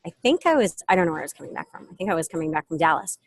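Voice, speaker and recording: A middle-aged woman giving a casual motivational talk, telling stories with lively acted quotes, speaking from an airport. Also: sits low, very fast, no echo. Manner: animated storytelling with acted quotes. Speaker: self-help speaker.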